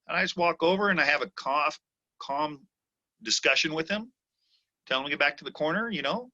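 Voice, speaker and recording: A man's voice: a little high, fairly quick, sharp tone. A man hosting a podcast and talking about martial arts and refereeing in a casual, earnest way. He often repeats himself and asks "you know what I'm saying?". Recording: dull lo-fi audio.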